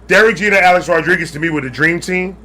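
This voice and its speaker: A man's voice: high-pitched, quick pace, bright, forceful tone. A man co-hosting a podcast, chatting casually about sports in a joking, profane, slangy way. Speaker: podcast co-host. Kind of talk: casual chat.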